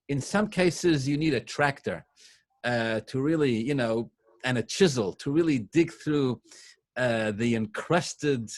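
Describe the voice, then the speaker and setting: Conversational man giving a sermon. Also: mid-range voice. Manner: conversational, frequent restarts and fillers. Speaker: rabbi. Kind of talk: sermon-style Q&A to a congregation. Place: synagogue.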